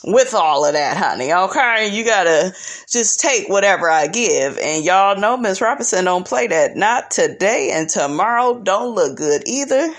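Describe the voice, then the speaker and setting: A woman's voice: mid-range voice, lively intonation, normal speed. Sassy woman commenting to her viewers. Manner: sassy, slangy, talks straight to viewers. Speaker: commentator reacting to reality TV clips. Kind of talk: casual commentary.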